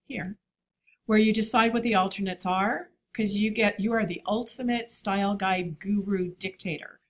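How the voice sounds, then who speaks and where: A woman's voice: medium pitch, a bit bright. A woman teaching a design class, talking in a chatty, enthusiastic way. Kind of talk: classroom lecture.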